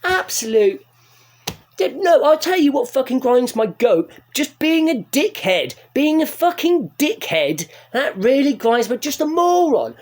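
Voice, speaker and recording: Animated, sweary man ranting. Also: very high voice, a little slow. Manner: sweary, excitable, animated storytelling. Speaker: vlogger. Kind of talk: ranting story to camera.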